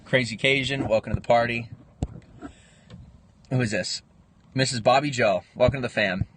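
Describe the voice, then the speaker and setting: A man's voice: mid-range voice, normal speed, a bit bright. Young male streamer, casual rambling chat, phone mic, faint hiss behind. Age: 20s. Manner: rambling, answers viewer comments. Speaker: livestream host. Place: home livestream, in Pennsylvania.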